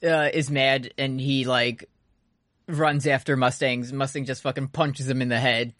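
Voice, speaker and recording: A man in a casual recap chat, retelling scenes with lots of laughter and quick put-on character voices. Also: medium pitch, flat delivery, a bit bright, dry recording, studio quality. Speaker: podcast co-host.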